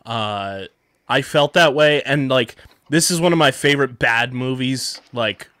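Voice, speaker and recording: Male podcast host, mid pitch, smooth clear voice, dry close sound. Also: unhurried, dry recording. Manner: relaxed, hands the floor to others. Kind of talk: casual podcast chat. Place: podcast studio.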